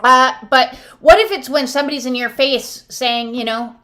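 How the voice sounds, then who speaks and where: A woman's voice: normal speed, few pauses, sharp tone. Chatty woman giving a rambling spiritual talk. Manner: rambling, many fillers, acts out quoted voices in a high squeal. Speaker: oracle card reader. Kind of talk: casual spiritual talk to camera.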